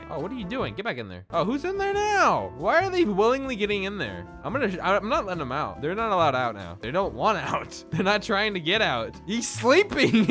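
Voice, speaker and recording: A young man narrates his game in a high, lively voice that leaps around. His commentary is jokey and excitable, full of laughs and sudden shouts. Faint music plays behind him. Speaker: gaming video creator. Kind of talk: gameplay commentary.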